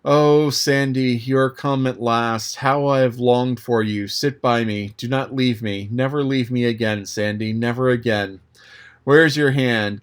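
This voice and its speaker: A man's voice: medium pitch, clear, resonant tone, close to an everyday voice. Man reading as a dying man in delirium; tender, pleading, broken, for a storybook.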